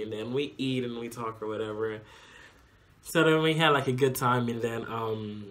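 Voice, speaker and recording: A man's voice: lowish voice, a bit bright. Chatty young man telling a story. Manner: rambling, heavy use of "like" and "um". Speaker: vlogger. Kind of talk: casual storytelling vlog. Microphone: phone.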